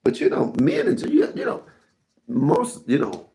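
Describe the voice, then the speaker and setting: A man's voice: on the high side, huge pitch swings, measured pace, warm tone. A middle-aged man hosting a live stream, telling rambling, candid stories and talking to his chat. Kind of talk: casual storytelling to viewers.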